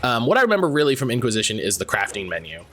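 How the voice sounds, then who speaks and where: A man's voice: mid-range voice, wildly swooping pitch, racing, fairly bright tone. A man casually commentating while livestreaming a game, rambling and chatty and laughing easily. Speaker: livestream gaming host.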